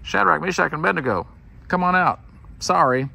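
A man voicing a boastful, petulant ancient king in casual modern slang, his voice jumping high when he gets annoyed. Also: a little fast, vocal fry, sharp tone, breathy edge, heavily acted. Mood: urgent.

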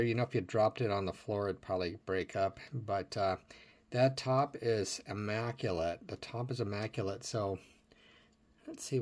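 A man's voice: medium pitch, vocal fry, a little mellow, slightly rough. A middle-aged man casually showing toy cars from his collection, thinking aloud and asking viewers what they would do. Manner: chatty and musing aloud, asking viewers questions. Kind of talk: casual hands-on show-and-tell.

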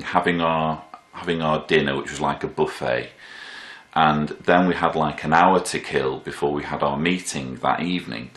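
A man in his thirties telling personal stories in a thoughtful, halting way, full of fillers and restarts. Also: extremely low pitch, a bit bright. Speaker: vlogger. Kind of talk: reflective personal storytelling. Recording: echoey room.

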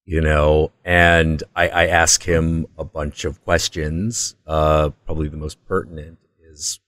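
A very deep-voiced man retells a personal story in a casual, excitable monologue, swearing freely as he builds up the tension. The sound is dry and close, with no room echo. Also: a little slow. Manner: intense, profane, excitable retelling. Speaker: host.

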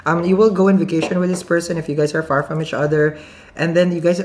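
A woman with a foreign accent talks straight to camera through a tarot reading. She is chatty and giggly and thinks out loud, restarting her sentences often. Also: lowish voice, little pitch movement, quick pace, slight background noise. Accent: non-native English accent. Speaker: tarot reader.

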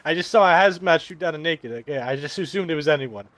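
A man's voice: fairly high pitch, expressive, quick pace, fairly bright tone, no echo. A man on in-game voice chat, pleading and angry with dramatic, whiny outrage.

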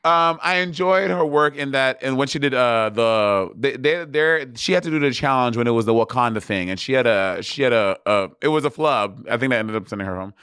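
A man with an accent co-hosting a podcast, sassy and chatty, often trailing into quieter asides. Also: medium pitch, fairly quick, few pauses, clean tone, no room sound, clean studio sound. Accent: Caribbean-tinged accent. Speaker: podcast co-host. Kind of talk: casual banter.

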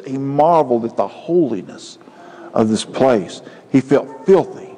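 A male pastor preaching a sermon, building to loud emphatic peaks. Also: medium pitch, lively intonation, unhurried. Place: church sanctuary. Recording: church hall with long reverb.

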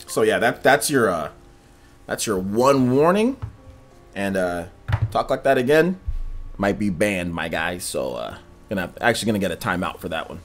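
A man streaming gameplay live, talking to his chat in an animated, repetitive way. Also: fairly low pitch, moderate pace, soft background music. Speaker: gaming livestreamer.

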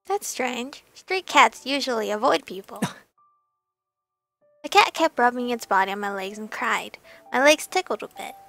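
A woman's voice: a little high, lively intonation, unhurried, vocal fry, bright, forceful tone, faint music behind. A woman streamer reading a story game aloud and adding giggly, chatty asides.

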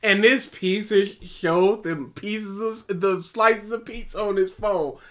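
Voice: mid-range voice, steady tone, takes it slowly, background noise. A co-host in casual commentary chat, sarcastic and riffing off the other host.

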